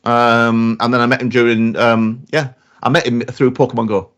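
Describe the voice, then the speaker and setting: A man's voice: medium pitch, level tone, normal speed, a bit bright. A man, co-hosting a casual podcast and telling rambling stories full of fillers and restarts. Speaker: podcast co-host. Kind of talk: casual chat.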